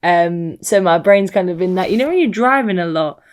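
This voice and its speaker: A woman's voice: on the low side, expressive, normal speed. A young woman co-hosting a casual podcast chat, giggly and rambling, often losing her thread. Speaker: podcast co-host.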